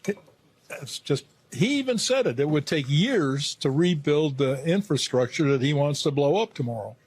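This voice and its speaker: A man who is an Air Force veteran, answering a reporter bluntly and haltingly. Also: a little high, lively intonation, husky. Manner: blunt, halting, restarting phrases. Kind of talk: news interview answers.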